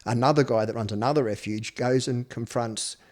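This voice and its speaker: Australian man, 50s, podcast guest; blunt, salty storyteller at a middle pitch. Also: fairly quick, a little mellow. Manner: blunt, swears freely, acts out quoted speech. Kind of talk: personal storytelling interview.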